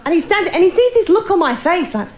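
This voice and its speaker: Middle-aged comic, woman, bawdy chatty stand-up, high voice, faint hiss. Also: sing-song, quick pace. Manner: bawdy, chatty storytelling aimed at the crowd. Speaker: stand-up comedian. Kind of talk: stand-up comedy routine.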